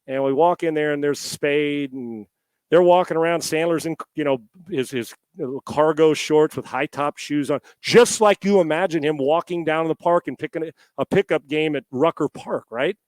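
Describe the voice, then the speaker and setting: A middle-aged man, a former quarterback, telling a long story as a podcast guest from home on a headset mic. He talks in a lively, rambling way, with many restarts and the odd swear word. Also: a little high, no room sound. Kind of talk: storytelling in a casual interview.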